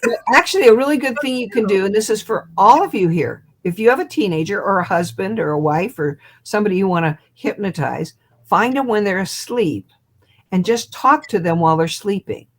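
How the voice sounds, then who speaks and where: An older woman in her seventies, a hypnotist guest, telling an animated story over a video call. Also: mid-range voice, fairly quick. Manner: lively storyteller who acts out quotes and laughs.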